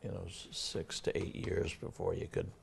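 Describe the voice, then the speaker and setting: An older man with a Massachusetts accent, a town administrator talking in a casual local TV interview, halting with many fillers and restarts. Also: low-pitched, level tone, creaky, a little hiss or hum.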